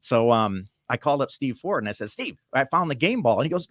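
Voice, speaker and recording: A man telling a story as a guest in a casual interview, animated and laughing often, acting out the voices of people he quotes. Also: fairly high pitch, quick pace, no room sound, studio quality. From Michigan, USA. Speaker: film producer-director, guest.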